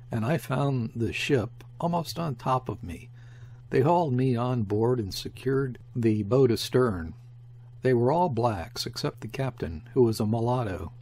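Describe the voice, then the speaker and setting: A man reading a classic short story aloud as an audiobook narrator, in a measured storytelling manner. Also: mid-range voice, creaky, a little mellow, husky. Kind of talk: scripted narration.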